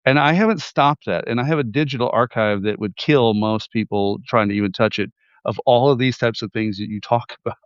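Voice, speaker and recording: A man from Texas hosting a remote interview from his apartment, easygoing and quick to chime in with short affirmations. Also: medium pitch, no echo, lo-fi sound. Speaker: host. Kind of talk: casual interview chat. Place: high-rise apartment in Kyiv.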